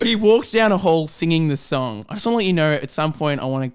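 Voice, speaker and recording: A man's voice: fairly high pitch, lively intonation, fast talker, slight background noise. A man reading a story aloud as a podcast guest, playful and giggly, with mock gravity. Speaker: guest reader.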